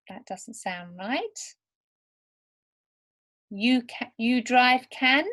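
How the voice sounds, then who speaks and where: A woman teaching English to beginners over slides, speaking slowly and deliberately word by word. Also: a little high, lively intonation, fairly bright tone. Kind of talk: slow, clear lesson for beginner learners.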